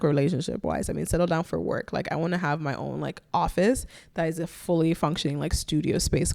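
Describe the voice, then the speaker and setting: Candid young woman with vocal fry. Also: lowish voice, darkish tone. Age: 20s. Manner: candid, rambling, swears casually. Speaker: podcast host. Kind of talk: solo podcast chat.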